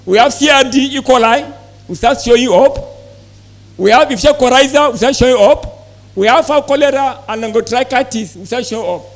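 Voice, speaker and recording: High-voiced man presenting to farmers. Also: a little fast. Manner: asks the audience questions, repeats key points. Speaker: poultry health presenter. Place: exhibition hall presentation.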